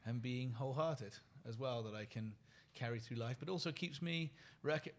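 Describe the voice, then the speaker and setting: A British man in his forties, a podcast guest speaking in an earnest, soft-spoken and reflective way. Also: mid-range voice, normal speed. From United Kingdom. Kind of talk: reflective interview conversation.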